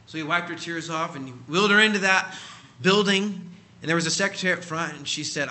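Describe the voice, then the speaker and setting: A male preacher tells a story in a dramatic sermon, dropping to a hush and then rising to loud peaks. His voice sits slightly high, with a very sharp, bright, tense edge. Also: moderate pace. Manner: dramatic, swinging from hushed to loud.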